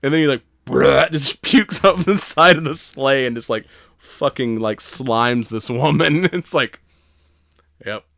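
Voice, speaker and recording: A man's voice: medium pitch, measured pace, creaky, a bit bright, dry recording, clean studio sound. A man co-hosting a podcast, chatting casually and profanely about a movie, rambling and laughing often. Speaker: podcast co-host.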